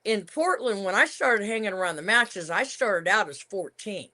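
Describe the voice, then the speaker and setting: A woman's voice: medium pitch, lively intonation, moderate pace, sharp tone. An older woman, a retired wrestler, telling stories from her career in a casual interview. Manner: reminiscing storyteller, emphatic.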